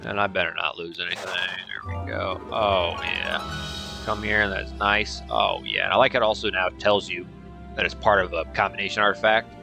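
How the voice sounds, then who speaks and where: A man's voice: deep voice, fairly even intonation, moderate pace, vocal fry, music in the background. A man thinking aloud in casual let's-play commentary, rambling and teasing his own units. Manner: rambling, thinking aloud, playful name-calling. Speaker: gameplay commentator.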